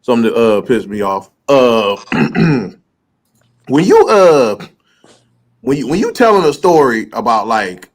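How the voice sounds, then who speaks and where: A man's voice: medium pitch, very animated, a little slow. A man in casual podcast chat, hesitant at first, then emphatic.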